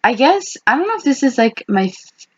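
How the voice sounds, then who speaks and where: A woman's voice: sits high, sing-song, a little fast, breathy edge. A young woman in her twenties co-hosting a podcast, chatting casually with her best friend, rambling with lots of restarts and quoted asides. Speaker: podcast co-host. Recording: dull lo-fi podcast audio.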